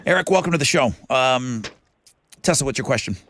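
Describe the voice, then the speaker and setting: Animated man hosting morning radio. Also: medium pitch, fairly quick. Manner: lively, jokey, rattles off promos. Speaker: radio morning show host. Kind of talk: casual radio chat. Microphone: studio microphone.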